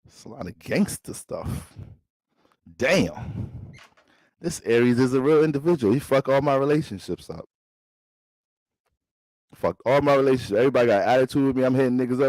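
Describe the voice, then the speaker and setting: A man's voice: medium pitch, lively intonation, brisk, long pauses, darkish tone, dry recording, rough recording. A man performing a comedic astrology sketch monologue, playful and switching between character voices.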